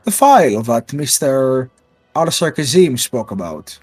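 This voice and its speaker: A man voicing a calculating male interrogator who briefs his team in a measured, persuasive way. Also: medium pitch, big pitch swings, slightly rough, soft background music. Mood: briefing.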